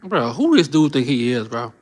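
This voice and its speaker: A man's voice: mid-range voice, very animated, normal speed. A man giving casual reaction commentary, mocking and slangy, often laughing. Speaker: reaction channel host.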